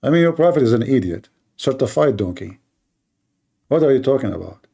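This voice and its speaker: A man's voice: mid-range voice, animated, a little fast, creaky, warm tone, breathy edge. A man hosting a live call-in debate, sarcastic, mocking and combative. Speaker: host of a live debate stream.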